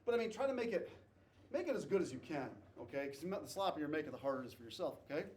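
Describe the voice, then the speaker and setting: A man teaching math talks rapid-fire in a slightly high, darkish voice with big pitch swings, repeating the key points and asking the class "okay?". A distant camera mic records him from far off in an echoey room with faint noise.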